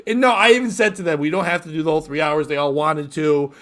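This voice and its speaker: Comedian guy hosting a podcast, high voice, rambly, laughs a bunch, acts out quotes. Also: fairly even intonation, fast, a bit bright. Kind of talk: casual storytelling chat.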